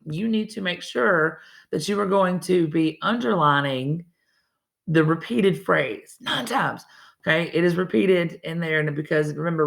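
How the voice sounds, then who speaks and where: In a recorded online reading lesson, a Southern US woman teacher explains a poem one step at a time, chatting along and correcting herself in asides. Her voice sits low and has vocal fry, with a fairly bright tone.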